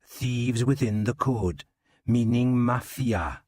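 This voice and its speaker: A man's voice: medium pitch, takes it slowly, a little mellow, no room sound, pitched above the performer's own voice. A man voicing a sardonic Welsh police inspector with a Welsh accent, dry and teasing. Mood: wary.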